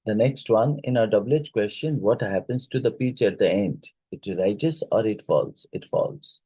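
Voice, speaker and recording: A man's voice: lowish voice, normal speed, dark tone, breathy edge, no room sound, poor audio. A male teacher going through exam questions, reading each one aloud and then reasoning out the answer. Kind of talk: exam question review lesson.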